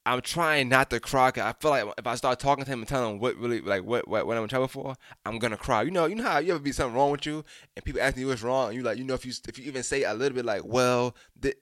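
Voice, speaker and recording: A young adult man with a fairly low voice casually tells a personal story, animatedly acting out what people said. He uses slang and restarts often. The recording is clean studio sound with no room noise.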